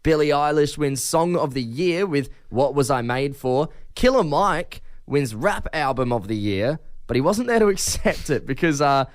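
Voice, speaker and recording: An Australian man hosting breakfast radio, upbeat and brisk with callers. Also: fairly high pitch, animated, smooth, no room sound, clean studio sound. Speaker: radio host. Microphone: studio microphone.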